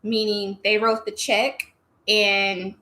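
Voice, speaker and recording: A woman co-hosting a casual beer tasting chat, blunt, swearing freely and animated. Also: mid-range voice, slow pace. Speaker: co-host of a beer tasting stream.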